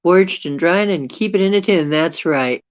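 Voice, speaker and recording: At a moderate pace and mid-range pitch, with no room sound, an allergy-stricken live-streamer chats with viewers. The talk meanders, punctuated by chuckles while thinking aloud. Expect dull, dry lo-fi audio.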